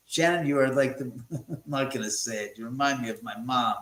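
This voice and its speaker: This livestream host, a middle-aged man at home, chats and jokes with viewers and swears freely while reading their comments. He speaks a little fast in a medium-pitched, fairly bright voice, captured on a phone in an echoey room.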